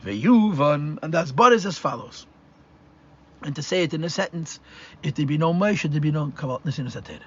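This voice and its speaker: A man's voice: a little high, expressive, brisk. A man, a rabbi, teaching a live class, explaining step by step and thinking aloud with restarts. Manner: explanatory, mixes Hebrew and Yiddish terms, restarts and thinks aloud. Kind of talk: live Torah class lecture. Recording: dull lo-fi live class recording.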